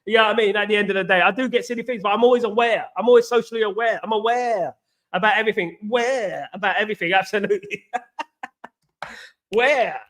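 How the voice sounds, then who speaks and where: A man's voice: sits high, fast talker, a bit bright. A man hosting a casual football live stream, rambling and repeating himself as he chats with viewers and reads their comments. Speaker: football channel host.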